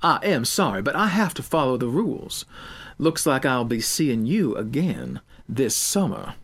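A man's voice: medium pitch, sing-song, measured pace, fairly bright tone. A man voicing a cold, strict female teacher who lectures in a nagging tone. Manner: nagging, rule-bound.

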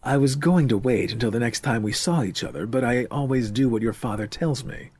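A man's voice: medium pitch, a little fast, a little mellow, husky, no echo, close to an everyday voice. A man voicing a shy, obedient young soldier who speaks in a deferential, subdued way, in an audiobook.

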